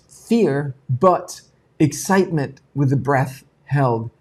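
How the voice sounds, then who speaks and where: A man's voice: on the high side, slow pace, breathy edge. Candid, swearing male live-show host. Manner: candid and profane, swings between hushed and excited. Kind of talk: unscripted live talk.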